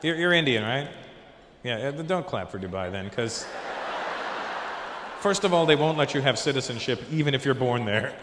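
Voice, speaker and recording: A man's voice: medium pitch, animated, normal speed, pauses often, noisy background. A man doing a stand-up comedy set, riffing with the crowd and acting out voices on a handheld stage mic. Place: large comedy venue with live audience. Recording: echoey hall, crowd audible.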